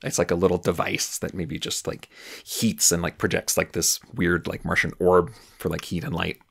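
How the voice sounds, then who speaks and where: A man's voice: deep voice, little pitch movement, moderate pace, creaky, fairly bright tone, slightly rough. A man running a solo tabletop game, musing aloud with loose, filler-heavy narration. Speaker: game master.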